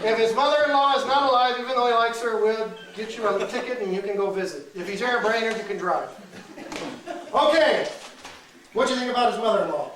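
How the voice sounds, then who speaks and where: A male comedian doing crowd work, teasing audience members with animated banter at a live show. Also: very high voice, fast talker, a little hiss or hum. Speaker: stand-up comedian. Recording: echoey room, mic far, loud crowd.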